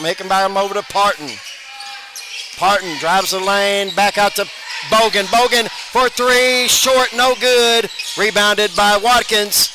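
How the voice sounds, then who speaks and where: A man with a high, light voice calls basketball play-by-play in a brisk rhythm, jumping up loud on big plays. Loud gym noise and bouncing balls sit under his voice throughout. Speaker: play-by-play announcer. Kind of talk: play-by-play commentary.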